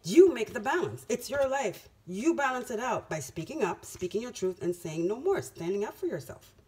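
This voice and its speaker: A woman reads tarot cards for her audience in a casual, spiritual way. She talks emphatically, circling back to the same phrases to drive them home. A steady noisy background with clicks sits under her voice. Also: on the high side, normal speed. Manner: emphatic, repeats phrases for effect. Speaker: tarot reader.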